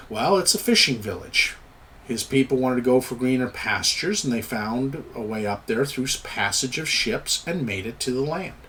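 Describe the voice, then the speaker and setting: A man's voice: medium pitch, fairly bright tone, slight background noise. A man talking casually as a game master, thinking aloud and trailing off while he searches for words. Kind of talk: casual tips talk over game maps.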